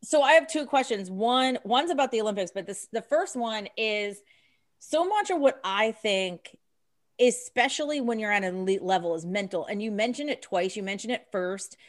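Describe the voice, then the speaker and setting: A woman's voice: medium pitch, lively intonation, normal speed. A woman co-hosting a podcast, asking the guests long, rambling questions in a casual chat. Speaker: podcast co-host.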